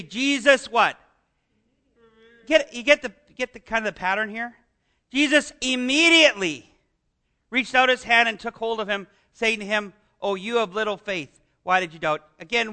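A middle-aged male pastor delivers a sermon in a lively, conversational way and keeps asking his listeners questions. His voice sits unusually high for a man and sounds very bright and sharp. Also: normal speed. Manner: animated, conversational preaching with rhetorical questions.

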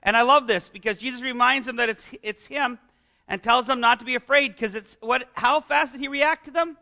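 With a very high voice and some vocal fry, a middle-aged pastor moves a little fast through his sermon. He's animated and conversational with his congregation, asking question after rhetorical question.

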